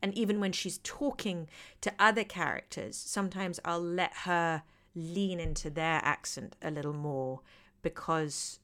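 Bright-voiced British woman, wry storyteller. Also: fairly low pitch, fairly even intonation, a little slow. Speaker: actress, podcast guest. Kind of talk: conversational interview.

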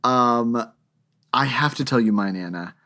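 A man's voice: mid-range voice, measured pace, pushed and bright. A man co-hosting a podcast, telling stories in a casual chat with frequent laughs and fillers. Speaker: podcast co-host.

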